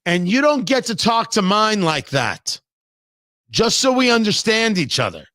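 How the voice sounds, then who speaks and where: A man's voice: sits high, big pitch swings, a little slow, a bit bright, no echo, studio quality. A middle-aged man hosting a talk show, delivering an emphatic, sarcastic monologue and acting out imagined conversations. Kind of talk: opinionated talk radio monologue.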